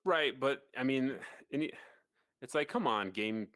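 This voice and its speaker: A man co-hosting a casual gaming podcast, animated and sarcastic, rambling with restarts. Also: medium pitch, a little slow, no echo. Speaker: podcast co-host. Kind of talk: casual chat.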